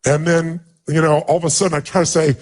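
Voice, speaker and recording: A man's voice: a little high, flat delivery, quick pace. A man giving a motivational speech, telling a personal story in an earnest, emphatic way. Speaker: motivational speaker.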